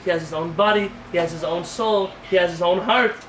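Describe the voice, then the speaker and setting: Male rabbi, brisk lecture delivery, caught from a distant mic in an echoey room with faint noise. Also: high-pitched. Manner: tells stories with acted dialogue, animated; reads Hebrew quickly, then translates it. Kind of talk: sermon-style lecture.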